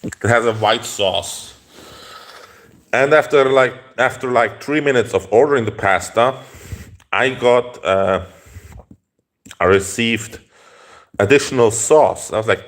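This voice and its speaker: A man telling a story in a casual rant, rambling with halting restarts and profane outbursts. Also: medium pitch.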